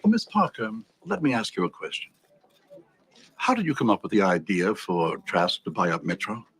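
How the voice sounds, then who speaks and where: A man's voice: lowish voice, huge pitch swings, moderate pace, a bit bright, husky, heavily acted. An actor playing a stern male company boss who is confronting a liar in firm, cutting film dialogue. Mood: probing.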